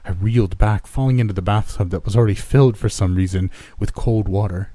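A man narrating a horror story in a measured, dramatic way. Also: lowish voice, mellow, no room sound.

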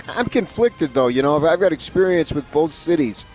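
A man's voice: fairly high pitch, expressive, moderate pace, darkish tone, soft background music. A man co-hosting a morning sports radio show, telling boastful jokes and stories. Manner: joking, boastful, storytelling.

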